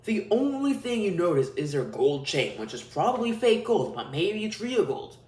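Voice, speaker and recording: A man's voice: high-pitched, sing-song, moderate pace, a little mellow. A man hosting a podcast, delivering a crude, profane, ranting solo monologue. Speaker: podcast host. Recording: roomy echo.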